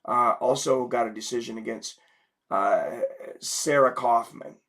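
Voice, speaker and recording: Sick and losing his voice, a man hosts a casual livestream and rambles through viewer comments, leaning heavily on fillers. He speaks a little slowly at medium pitch, with a slightly bright tone.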